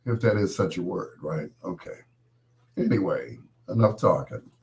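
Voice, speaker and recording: A deep-voiced, middle-aged man hosts a live stream show, chatting casually and joking directly with his live viewers as his talk drifts from one aside to the next. He's expressive, speaks at normal speed with a slightly mellow tone, and is still recovering after losing his voice to illness.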